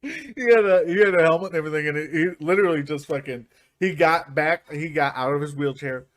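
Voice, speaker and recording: Young male podcast host, slightly high voice, laughing storyteller, casual and profane. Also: brisk. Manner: laughing storyteller, swearing freely. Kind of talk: casual chat.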